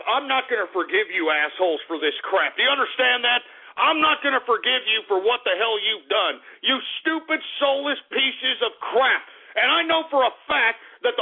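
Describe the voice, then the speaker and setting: A man's voice: extremely high pitch, husky. A male internet radio host ranting in anger, swearing and stammering at his listeners. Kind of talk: angry on-air rant. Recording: tinny phone-line call-in audio.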